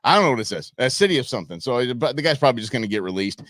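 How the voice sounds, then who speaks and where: A man's voice: mid-range voice, expressive, very fast, a bit bright, no echo. A man from the United States hosting a show, chatting casually over viral videos with a rambling, chuckling manner and many fillers. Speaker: show host.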